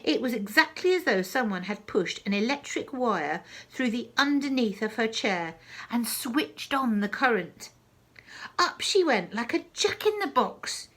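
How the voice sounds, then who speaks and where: A woman reading a children's story aloud, with slow, expressive delivery and hushed asides. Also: a little high.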